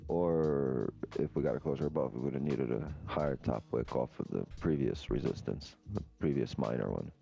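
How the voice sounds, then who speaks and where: A man's voice: very deep voice, moderate pace, gravelly, warm tone. A man co-hosting a stream, joking and teasing in casual banter, recorded on a dull lo-fi mic. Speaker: stream co-host.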